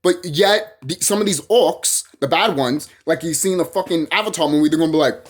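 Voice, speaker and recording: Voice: mid-range voice, brisk. A vlogger delivering a heated, profane monologue to camera, often repeating phrases and restarting sentences.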